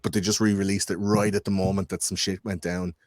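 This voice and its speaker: Fast-talking man, lower voice. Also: dry recording. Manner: animated storyteller, swears freely, acts out quoted voices. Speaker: podcast guest. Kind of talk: casual podcast chat.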